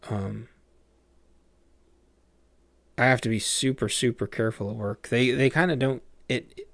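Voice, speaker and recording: A man's voice: mid-range voice, steady tone, measured pace, gravelly, a bit bright, no echo. A man casually chatting on a livestream while playing a game, rambling with lots of fillers and restarts. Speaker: game streamer.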